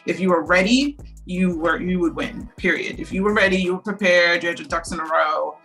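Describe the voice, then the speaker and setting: A woman's voice: on the low side, a little fast, soft background music, poor audio. A woman co-founder of a beer brand, talking candidly in a casual interview. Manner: candid, animated storytelling. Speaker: brewery co-founder.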